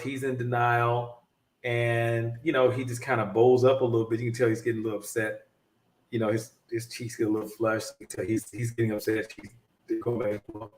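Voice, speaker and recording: A man telling a long story in casual chat, animated and rambling, often restarting his sentences. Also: medium pitch, reverberant, far from the mic. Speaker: podcast co-host.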